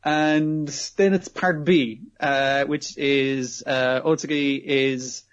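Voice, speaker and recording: A man's voice: mid-range voice, steady tone, slow. A man casually recapping an episode, rambling and swearing freely, in a muffled lo-fi recording. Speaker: podcast co-host.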